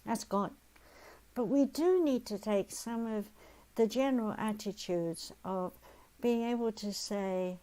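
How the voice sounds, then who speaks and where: A woman's voice: mid-range voice, a little slow, dark tone, rough recording. An older woman hosting a holistic wellness talk, telling stories and acting out the voices of people she quotes. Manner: storytelling, acts out quoted voices. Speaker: host.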